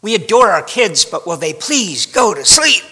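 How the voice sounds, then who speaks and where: A man preaches a sermon, telling the story with wry drama. His voice is high, bright and unhurried, and it rings in a long hall echo. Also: very animated, slight background noise. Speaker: pastor.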